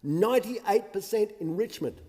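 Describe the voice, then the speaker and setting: A man's voice: high voice, lively intonation, moderate pace, mellow. An Australian man, a member of parliament, giving a combative and sarcastic debate speech, mocking his opponents. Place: large parliamentary chamber. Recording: long reverb of a large chamber.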